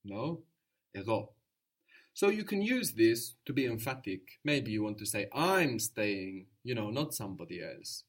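A man teaching a spoken language lesson, patient and encouraging, explaining slowly and repeating words. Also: on the low side, big pitch swings.

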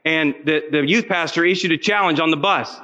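A middle-aged man preaches to a room of students with a bright, ringing tone. His voice sits fairly high, and he tells his story with animated energy, acting out the voices he quotes. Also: brisk, dull audio. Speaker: camp speaker.

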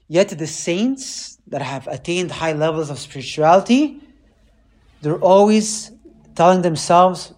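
A man, a priest, preaching in a casual, animated way and often checking in with his listeners. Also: a little high, a little slow. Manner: animated, keeps asking listeners "right?". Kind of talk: conversational sermon.

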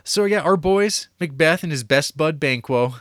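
A man's voice: fairly high pitch, lively intonation, moderate pace, a bit bright, no echo, studio quality. A man co-hosting a casual film podcast, rambling with many fillers and restarts. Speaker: podcast co-host reviewing a film. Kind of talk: casual chat.

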